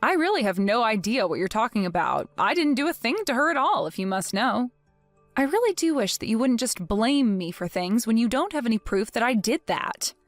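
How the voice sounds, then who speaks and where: A vengeful young wife taunts her husband with cool, mock-innocent menace, as a woman acts her out. The voice sits a little high and sounds dry and close to the mic. Soft music plays underneath. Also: big pitch swings, brisk, dry recording. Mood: scheming. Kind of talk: dramatized story narration.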